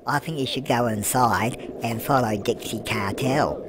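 A medium-pitched man speaks unhurriedly, in a voice close to everyday speech, as he plays a chatty, gossipy British grandmother in comic let's-play commentary. Commenting on a life-sim game, she fusses, teases, calls everyone "love," and answers her own questions, against a noisy background with background music.

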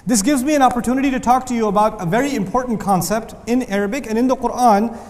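A quick-talking male lecturer with a strikingly high voice addresses students in a large hall where each phrase leaves a long echo. He keeps it animated with jokes and hammers home points by repeating them.

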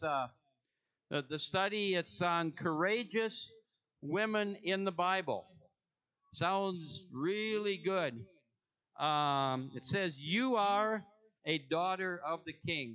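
A man's voice: high-pitched, pushed and bright, lo-fi sound. A man reading the church announcements in a casual, joking way, rambling and correcting himself as he goes. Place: church sanctuary.

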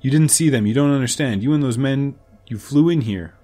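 A man's voice: mid-range voice, brisk, warm tone, faint music behind, lightly acted. A man voicing a frightened, traumatized young woman, speaking in a shaky, pleading way. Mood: distraught.

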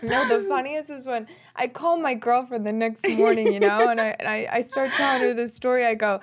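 A woman's voice: a little high, fairly quick, hardly any pauses. A young woman co-hosting a podcast, telling a story in casual chat and giggling often. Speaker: podcast co-host.

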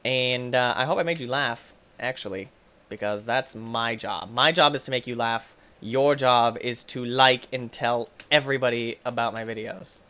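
Young man, let's play commentary, excitable, short-tempered, yells at the game. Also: mid-range voice, moderate pace, clean tone. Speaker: gaming YouTuber.

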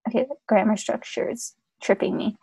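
A woman's voice: mid-range voice, steady tone, normal speed, gravelly, warm tone, slightly rough, no echo, poor audio. A woman on a video call who reads a story aloud with friends, giggling, self-conscious and stumbling over lines. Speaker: reader in a group fanfic reading. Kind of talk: casual chat and reading aloud.

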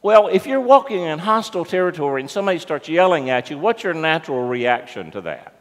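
In a church sanctuary full of long reverb, a U.S. pastor delivers a sermon, narrating in a conversational way and asking the congregation questions. He talks fast in a slightly high, very animated voice.

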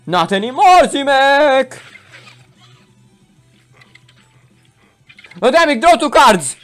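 A man voicing an excitable, boastful young orange hero who yells in triumph and panic. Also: moderate pace, soft background music, full character voice. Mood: frantic. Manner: shrill, triumphant yelling.

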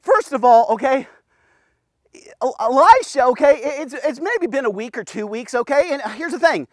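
High-voiced excitable male Bible teacher. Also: normal speed, dry recording, studio quality. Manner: punchy, keeps asking "okay?", bursts of loud exclamations. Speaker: men's devotional teacher. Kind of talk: casual energetic Bible teaching.

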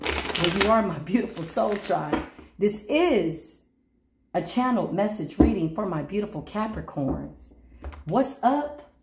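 A woman's voice: medium pitch, darkish tone, reverberant. A woman giving a channeled tarot reading to her viewers, with a playful, teasing manner and sing-song greetings. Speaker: tarot reader.

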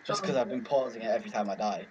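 A man chatting with a friend while they play a game together, joking and teasing in a quick, casual way. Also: on the low side, lo-fi sound, slight background noise. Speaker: gaming partner. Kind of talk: casual gameplay chat.

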